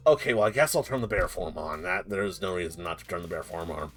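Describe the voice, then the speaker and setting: A man's voice: low-pitched, fast talker, few pauses, soft background music. A man streaming as game master, chatting casually before the session, rambling and self-mocking, joking and swearing freely.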